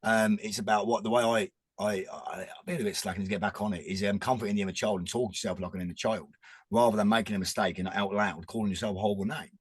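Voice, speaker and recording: A man's voice: fairly low pitch, steady tone, fast, slightly rough. A man, talking earnestly and rambling in a casual chat as a podcast guest. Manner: rambling, restarts often, earnest.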